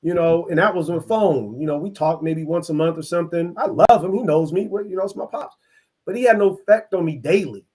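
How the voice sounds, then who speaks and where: Middle-aged man, fairly high voice, earnest, halting, restarts a lot, reflective interview guest. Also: a little mellow. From East Oakland, California. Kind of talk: reflective personal storytelling.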